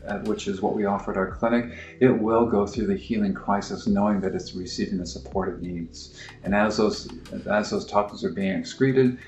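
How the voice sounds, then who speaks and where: A middle-aged man explaining his clinic's approach in a halting, informal way, full of fillers and restarts. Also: on the low side, steady tone, darkish tone, lo-fi sound. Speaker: naturopathic clinic practitioner. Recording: roomy echo with faint music.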